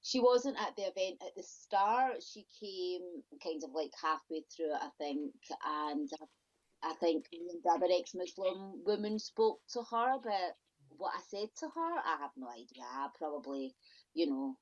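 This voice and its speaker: A woman's voice: fairly low pitch, animated. A middle-aged woman from the UK, a podcast guest talking in a casual, outspoken and exasperated way. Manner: outspoken, exasperated, quick asides. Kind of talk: casual interview chat. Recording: dull lo-fi audio.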